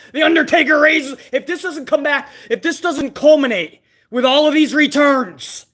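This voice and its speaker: Exasperated and cursing, a man rants while reacting live on stream to what he's watching. His voice is very high, bright and forceful, though his delivery is unhurried.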